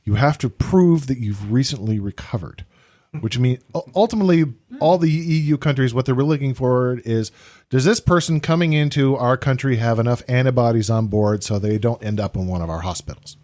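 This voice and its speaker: A man's voice: medium pitch, brisk, a little mellow. Man explaining matter-of-factly. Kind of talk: casual chat, explaining travel rules.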